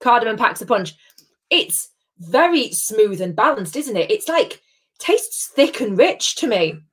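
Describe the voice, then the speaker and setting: A woman's voice: a little high, very animated, measured pace. A woman hosts a live-streamed tasting from home. She chats in a bubbly way and greets viewers by name. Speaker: host of a live gin tasting.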